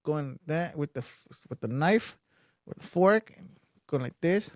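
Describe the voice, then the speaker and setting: Excitable man, high lively voice. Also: unhurried, no echo, studio quality. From El Salvador. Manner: excitable, swears, switches between English and Spanish. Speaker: podcast co-host. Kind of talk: casual chat.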